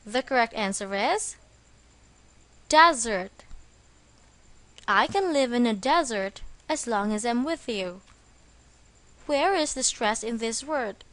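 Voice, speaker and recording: A woman delivers a scripted English vocabulary lesson in a measured, unhurried way. Her voice sits a little high, and she leans on each stressed syllable as she explains. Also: lively intonation. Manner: slow, careful, stressing syllables. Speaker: English teacher.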